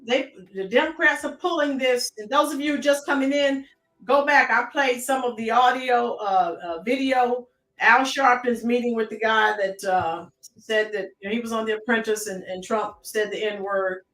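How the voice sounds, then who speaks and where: A woman's voice: fairly high pitch, normal speed, a bit bright, echoey room, recorded from a distance, faint music behind. An American woman hosting a live-stream commentary, chatting and greeting her chat viewers by name. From United States.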